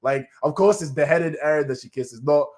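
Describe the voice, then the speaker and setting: A man giving a casual live-stream review, excitable and slangy, rambling with many restarts and now and then jumping into high cries when moved. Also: brisk.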